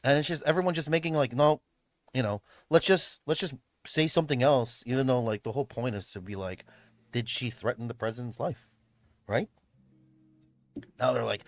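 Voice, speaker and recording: A man's voice: mid-range voice, lively intonation, moderate pace, no echo. A young man from the Philippines, chatting on a livestream in a rambling way, full of fillers and restarts. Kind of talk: casual livestream chat. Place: home room, tidying up. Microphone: streaming mic.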